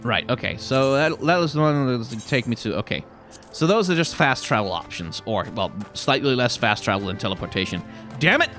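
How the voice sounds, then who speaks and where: A man's voice: mid-range voice, lively intonation, a little fast, a bit bright, faint music behind. A man hosting a let's play, rambling playfully and mocking himself while he plays. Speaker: gaming channel host.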